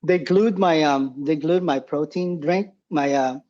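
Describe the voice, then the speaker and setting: A man's voice: fairly high pitch, unhurried, darkish tone, dull audio. A man in his forties, a podcast guest and former combat medic, telling war stories in a rambling, profane way and laughing often. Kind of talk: casual war storytelling.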